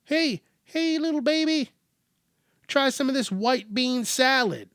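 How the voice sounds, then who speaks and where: A man's voice: very high voice, animated, slow pace, fairly bright tone, clear, resonant tone, no echo, clean studio sound, pitched above the performer's own voice, full character voice. A man voicing a parent sweetly coaxing a small child to eat. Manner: cooing, coaxing.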